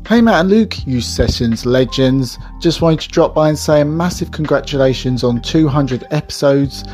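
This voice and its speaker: A man giving an enthusiastic, warm-hearted recorded message of congratulations. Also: on the high side, moderate pace, faint music behind.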